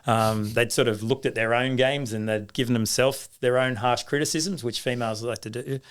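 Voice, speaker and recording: Middle-aged Australian man, guest storyteller, anecdotal, mid-pitched. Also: steady tone, normal speed, clean tone. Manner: anecdotal, acts out quoted voices, many restarts. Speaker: guest, rugby league coach. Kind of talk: storytelling in a casual interview.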